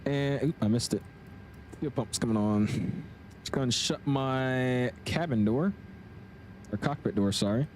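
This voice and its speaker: A young man talks through his flight simulator stream in a relaxed, chatty way, calling out checklist items and greeting viewers by name. His voice is mid-pitched and easygoing. A faint hum sits behind him. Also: measured pace, pauses often. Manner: laid-back, chatty, slangy, reads chat aloud. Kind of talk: casual live-stream commentary.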